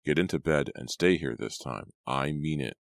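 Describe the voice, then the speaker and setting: Man voicing a tormented colonial father, anguished, stern, very deep, dry close sound. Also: normal speed, gravelly, no room sound. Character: grieving, obsessed stern father.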